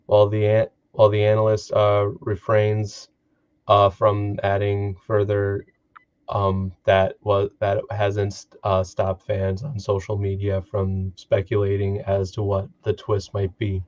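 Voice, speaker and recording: A man reads a gaming news piece aloud on a live stream. His voice sits low and stays flat, and he keeps stumbling and restarting words. The audio is dull and lo-fi. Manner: halting, stumbles and restarts while reading. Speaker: co-host.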